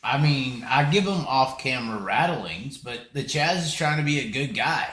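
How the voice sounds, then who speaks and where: A man co-hosting a live talk show, chiming in with quick, wry remarks. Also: medium pitch, animated, fairly bright tone, reverberant. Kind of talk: casual talk-show chat.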